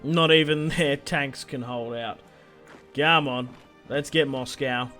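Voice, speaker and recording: A man's voice: mid-range voice, steady tone, slow, bright, forceful tone, soft background music. A young adult man giving casual, joking gameplay commentary, rambling and swearing as he plays. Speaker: gaming video host.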